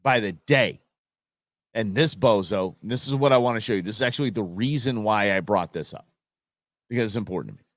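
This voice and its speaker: Low-voiced man ranting on a live show. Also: lively intonation, a little fast, no room sound, clean studio sound. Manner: fired-up, ranting, sarcastic; restarts and repeats himself often. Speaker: show host. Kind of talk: live political commentary.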